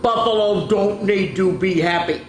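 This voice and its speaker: A woman voicing a gloomy, stubborn male buffalo who barks his words gruffly, in a storybook reading. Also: lowish voice, takes it slowly, echoey room, slight background noise. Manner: gruff, barking.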